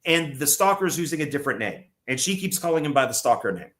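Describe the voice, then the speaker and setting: A man's voice: fairly high pitch, very animated, quick pace, fairly bright tone. A man on a podcast casually recounting a film plot at length, often stumbling and restarting his sentences. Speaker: podcast co-host. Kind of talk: casual movie review chat.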